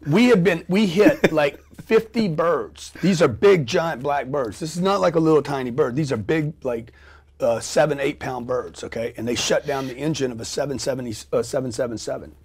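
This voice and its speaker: A middle-aged man telling a story as a guest on an interview show, animated and profane, acting out scenes with sound effects and quoted voices. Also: a little high, moderate pace, husky.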